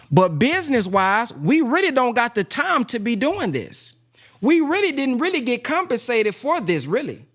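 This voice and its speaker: A man who is a minister and business teacher gives a casual, heartfelt talk in a plain-spoken, animated way. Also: very high-pitched, moderate pace. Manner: animated, plain-spoken, acts out quoted voices.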